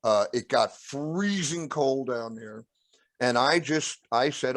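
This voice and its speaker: Rambling guest telling ghost stories. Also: male voice, lively intonation, slow pace, fairly bright tone, dry recording. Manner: rambling, acts out quotes with raised pitch; clears throat often. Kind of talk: casual storytelling.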